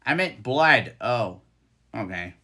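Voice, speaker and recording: Bright lively woman live-stream host. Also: very deep voice, slow pace, breathy edge. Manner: reads out chat and reacts with exasperated exclamations. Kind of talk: casual live-stream chat.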